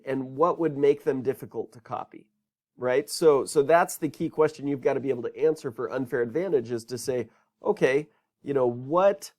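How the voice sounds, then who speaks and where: A man's voice: medium pitch, darkish tone. A man teaching a business course in a recorded lecture, talking conversationally and asking rhetorical questions.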